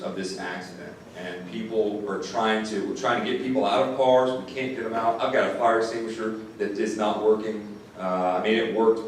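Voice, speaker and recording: A man who is a sheriff's deputy, telling an audience a first-person story in an earnest way, often repeating words when moved. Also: lowish voice. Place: classroom or lecture hall. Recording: distant mic in an echoey room, faint noise.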